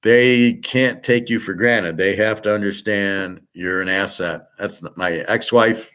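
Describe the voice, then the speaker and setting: A man's voice: lowish voice, measured pace, a bit bright, clean tone. Blunt, ranting middle-aged man. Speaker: sports picks and finance show host. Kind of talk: casual monologue.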